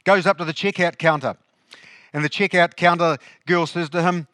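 A New pastor preaching in a chatty, questioning way, with a slightly higher male voice. The sound is dry and close, with little room in it. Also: fairly quick, bright, forceful tone, no echo. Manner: conversational, asks the congregation questions. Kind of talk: sermon.

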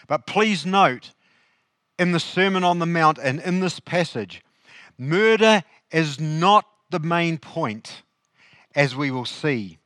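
A man's voice: medium pitch, fairly bright tone, no echo. A male pastor, preaching a sermon in a conversational way and asking the congregation questions.

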